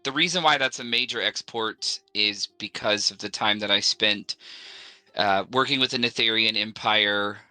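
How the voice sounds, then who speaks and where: A man playing a tabletop game who talks in an animated, playful way, joking with the table. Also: fairly low pitch, normal speed, dry recording, soft background music, poor audio. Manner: animated, playful, jokes and laughs. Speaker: player.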